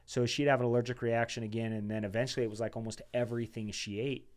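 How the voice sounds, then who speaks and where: A man as a podcast guest telling a personal story in a casual, animated way. He talks loosely and calls his listener "dude" and "man". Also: mid-range voice, fast. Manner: chatty and animated, says "dude" and "man", acts out quoted dialogue.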